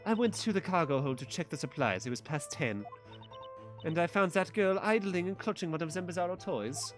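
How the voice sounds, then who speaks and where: Boastful female cook, hammy fake Italian accent man reading, lively and high. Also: moderate pace, soft background music. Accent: put-on Italian drifting toward German. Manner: hammy, exaggerated. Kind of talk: reading game dialogue aloud.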